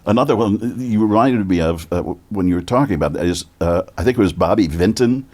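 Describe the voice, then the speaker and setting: Male podcast host, very deep voice, short friendly prompts. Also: quick pace, a little mellow. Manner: brief prompts and questions. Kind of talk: interviewing.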